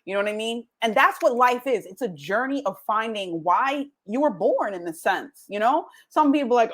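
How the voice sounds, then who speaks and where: Woman podcast host, higher-pitched, animated motivational talk that drops into little put-on voices. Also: normal speed, hardly any pauses. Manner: animated, jokey, acts out quoted voices.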